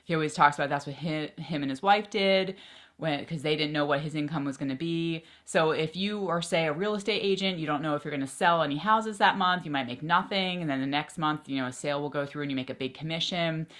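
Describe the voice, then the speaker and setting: A woman giving chatty, excitable budgeting advice straight to her viewers as a personal finance vlogger. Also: deep voice. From Philadelphia area. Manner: chatty, excitable, quick asides. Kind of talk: casual talk to camera.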